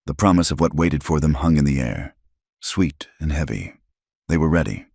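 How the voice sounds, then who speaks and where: Male audiobook narrator, very deep, steady measured delivery, dry close mic. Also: gravelly, husky, no room sound.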